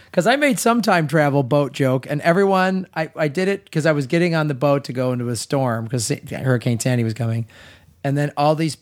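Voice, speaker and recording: A man with a Chicago accent co-hosting a podcast, joking around and laughing often in casual chat. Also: a little high. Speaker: podcast co-host.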